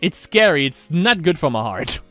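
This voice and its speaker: A man's voice: a little high, sing-song, normal speed, pushed and bright, soft background music. A man reading as a fed-up schoolgirl. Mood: exasperated. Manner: dry and exasperated. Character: exasperated high-school girl.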